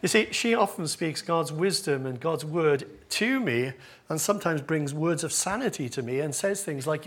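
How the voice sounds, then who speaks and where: A man's voice: a little high, animated, moderate pace, a bit bright, husky. A male pastor preaching a sermon to his congregation, with a humorous, self-deprecating manner. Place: church with congregation. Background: congregation laughing.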